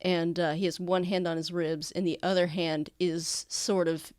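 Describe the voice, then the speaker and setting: A woman's voice: fairly low pitch, little pitch movement, normal speed, darkish tone, no echo, clean studio sound. A woman narrating a tabletop game as game master, describing scenes with many fillers.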